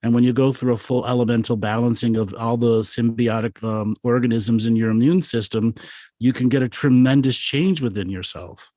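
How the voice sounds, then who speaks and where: A man's voice: mid-range voice, normal speed, no echo. Dry-witted man, close dry sound. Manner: dry quips between calm explanations. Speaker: co-host. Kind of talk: casual comedic chat. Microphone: video call.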